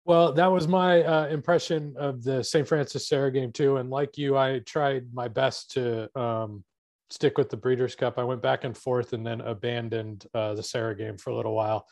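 A man co-hosting a sports talk show, steering the conversation with measured questions. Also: medium pitch, steady tone, gravelly, a little mellow, dry recording. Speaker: co-host.

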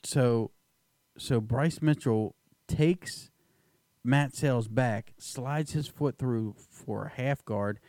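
A man co-hosting a podcast, talking excitedly about a fight, swearing and laughing often. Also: medium pitch, takes it slowly, no echo, studio quality. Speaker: podcast co-host. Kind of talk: casual chat.

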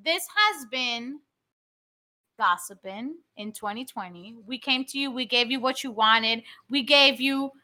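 Tipsy woman podcast host, loud and joking, high bright voice. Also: animated, a little slow. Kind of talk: casual podcast chat.

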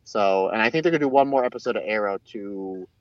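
A man in casual chat, recapping a TV crossover in a rambling, animated way and acting out the characters' lines. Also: fairly low pitch, fast talker, no room sound. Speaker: podcast co-host. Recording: dull lo-fi, dry sound.

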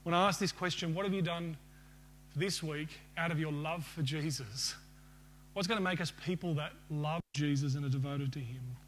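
A man's voice: a little high, moderate pace, a little hiss or hum. A man preaching a sermon to a congregation, asking them questions and ending with a prayer. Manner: asks the congregation questions and leads a closing prayer.

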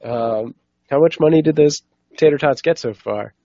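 A man's voice: fairly high pitch, moderate pace, warm tone, muffled recording. A man hosting a podcast in casual, easygoing chat who keeps steering the conversation back on track. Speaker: podcast host.

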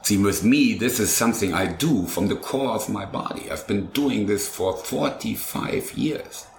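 Older male chef, low voice, talks in long enthusiastic rambles, recorded in an echoey room with faint ambience. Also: lively intonation, a little slow, gravelly, slight background noise. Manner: rambling, enthusiastic, lists dishes step by step. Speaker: food truck owner and chef. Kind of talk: casual interview chat. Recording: roomy echo with faint ambience.

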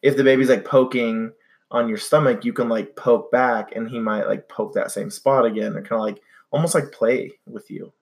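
A man's voice: mid-range voice, steady tone, normal speed. A young man co-hosting a casual podcast chat, rambling with many fillers and restarts. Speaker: podcast co-host.

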